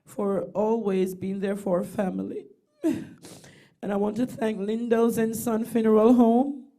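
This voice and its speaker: A woman's voice: medium pitch, flat delivery, a little slow, mellow. A middle-aged woman, giving tender, rambling eulogy remarks for her brother over a video call. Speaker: bereaved sister giving a eulogy.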